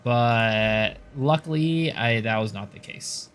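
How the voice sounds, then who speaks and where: A man's voice: medium pitch, takes it slowly, a bit bright, slight background noise. A man streaming a game, casually commenting, joking and answering his viewers as he plays.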